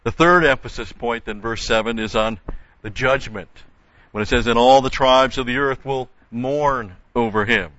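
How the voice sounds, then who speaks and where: A man's voice: medium pitch, normal speed, a bit bright, dry recording, dull audio. An older man teaching a verse-by-verse Bible study, explaining carefully with frequent restarts and emphatic repetition.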